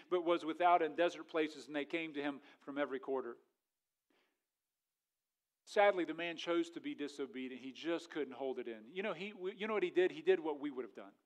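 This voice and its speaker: A man preaching a sermon, reading scripture aloud and swinging between loud, rising emphasis and quiet asides. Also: a little high. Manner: preaching with rising intensity, then dropping quiet; reads scripture aloud in old-fashioned wording. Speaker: pastor.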